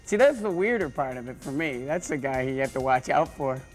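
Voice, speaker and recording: A man who is a stand-up comedian, rambling through deadpan jokes with lots of stammers and restarts. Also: mid-range voice, brisk, soft background music. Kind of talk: joking interview monologue.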